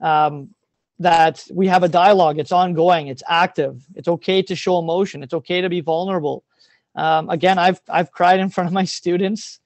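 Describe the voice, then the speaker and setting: Man, teacher, earnest and emotional, fairly high voice, dry sound, video call. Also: steady tone, moderate pace, dry recording. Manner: earnest and openly emotional, frequent ums. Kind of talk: presentation over a video call.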